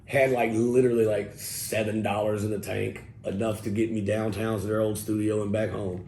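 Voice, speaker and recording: A middle-aged man, casually telling an interview story in a loose, profane, animated way and quoting people as he goes. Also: on the low side, normal speed. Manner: loose, profane, animated retelling with quoted dialogue. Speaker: rapper telling his story as guest. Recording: roomy echo with faint background noise.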